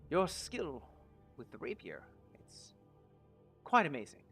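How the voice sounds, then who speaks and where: Man voicing a rattled young aristocrat, effusive, stammering thanks, lively pitch. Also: slow, faint music behind, full character voice. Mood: grateful. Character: grateful young nobleman, shaken and effusive.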